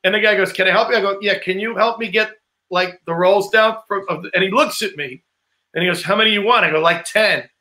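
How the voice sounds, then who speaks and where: A man co-hosts a casual podcast chat and tells rambling stories, acting out quotes along the way. His voice sits high and sounds very bright, almost sharp. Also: quick pace. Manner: rambling anecdote teller who acts out quotes. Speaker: podcast co-host.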